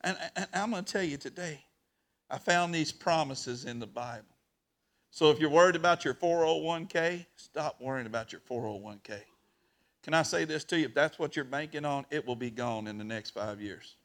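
A pastor preaches with a high, raised pitch and a gravelly rasp. He moves between quiet confiding and near-shouting. The delivery is heartfelt and emotional throughout. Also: moderate pace. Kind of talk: sermon.

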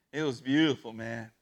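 A man giving an emotional sermon as a pastor, swinging from hushed talk to loud, shouted preaching. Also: mid-range voice, highs cut off.

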